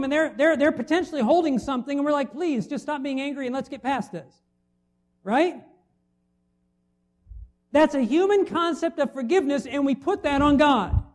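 A middle-aged man preaching a sermon, conversational and full of rhetorical questions to the congregation. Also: extremely high pitch. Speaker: pastor.

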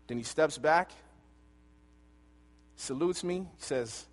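A man preaching a sermon, telling a personal story and swinging between loud and hushed delivery. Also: on the high side, unhurried, pauses often. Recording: long hall reverb.

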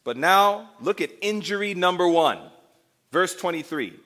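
Animated high-voiced preacher. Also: male voice, a little slow. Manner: dramatic, asks the congregation questions, acts out scenes. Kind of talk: sermon.

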